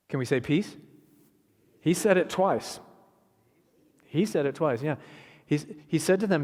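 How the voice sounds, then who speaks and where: A man preaching a sermon in a church, animated and conversational, voicing quick asides as he retells the story. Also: mid-range voice, in a large hall. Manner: animated, acts out Jesus's words in quick asides. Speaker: guest preacher. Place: church sanctuary.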